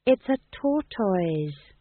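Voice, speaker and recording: A narrator voicing a young, nervous, earnest female witch in an audiobook, raising the voice high and pleading, over a tinny, phone-like line. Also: very animated, very slow, dry recording, exaggerated voice. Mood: defensive. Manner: pleading, defensive, higher voice.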